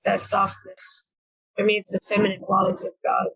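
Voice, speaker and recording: A woman speaking as an interview guest, sharing personal reflections in an earnest, soft-spoken way with frequent fillers and repeated words. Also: mid-range voice, monotone, brisk, breathy edge, low-quality recording.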